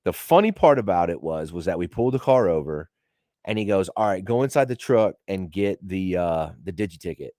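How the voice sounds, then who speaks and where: Podcast host, male with a lowish voice, loose rambling delivery, swears freely, dry close-miked sound. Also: animated, fairly quick, dark tone, no room sound. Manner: rambling, profane, laughing as he talks. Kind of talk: casual storytelling to a live audience.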